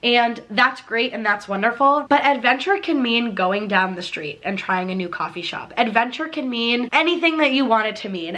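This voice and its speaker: A woman's voice: fairly high pitch, sharp tone. A young woman vlogging to camera, talking in an earnest, heartfelt way with a frequent "like". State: tearful at moments. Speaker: YouTube vlogger. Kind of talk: casual talk to camera.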